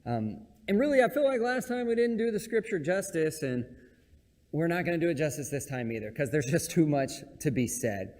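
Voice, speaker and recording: A man's voice: fairly high pitch, very animated, a little fast, darkish tone. Casual joking man preaching in a reverberant church. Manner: casual, joking, self-deprecating. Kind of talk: conversational sermon. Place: church sanctuary.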